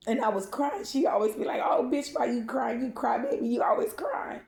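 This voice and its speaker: Candid woman with a mellow voice, echoey room. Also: on the high side, very animated, moderate pace, vocal fry, few pauses. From Baltimore. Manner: candid, profane, speaks straight to viewers. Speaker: storyteller. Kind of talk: emotional personal storytime.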